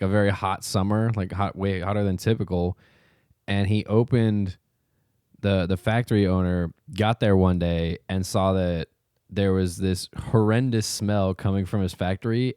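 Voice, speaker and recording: A man co-hosting a casual podcast rambles through stories, laughing often and swearing offhandedly. His voice sits very low. The recording is dry and close. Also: warm tone, clear, resonant tone, no room sound. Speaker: podcast co-host. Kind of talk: casual chat.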